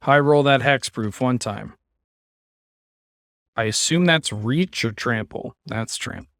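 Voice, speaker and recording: A man's voice: medium pitch, slow pace, vocal fry, a bit bright, no room sound, clean studio sound. A man streaming a card game, giving casual commentary with wry, sarcastic asides.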